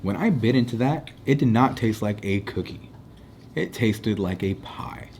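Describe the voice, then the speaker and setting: A fairly low-voiced man co-hosts a casual food review, easygoing as he rates cookies, slowing down to announce each score and chatting loosely between them. His tone is darkish with lively intonation, over a faint hum.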